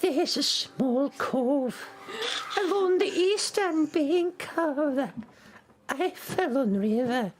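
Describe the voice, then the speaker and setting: A game master voicing an eerie old woman who talks in a slow, drawn-out, mysterious way. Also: very high voice, expressive, soft background music, voice pushed up, full character voice. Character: strange old woman rocking in a wicker chair.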